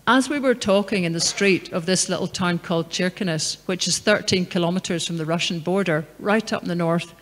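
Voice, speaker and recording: A woman's voice: fairly low pitch, normal speed, few pauses. A middle-aged woman giving a public talk in a large hall, speaking in a conversational, anecdotal and emphatic way. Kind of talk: lecture and Q&A answer. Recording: long hall reverb.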